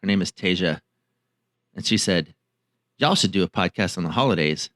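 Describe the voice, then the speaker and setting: A man's voice: low-pitched, expressive, normal speed, a bit bright, no room sound, studio quality. A man, a marriage therapist co-hosting a podcast, chatting casually and reflectively with anecdotes. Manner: reflective, anecdotal, with frequent fillers. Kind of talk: casual conversational chat.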